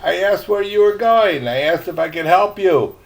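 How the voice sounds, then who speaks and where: An older man voicing a cheerful young German girl with a soft, lilting voice in a storybook reading. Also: high-pitched, normal speed, gravelly, pitched above the performer's own voice. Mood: impatient.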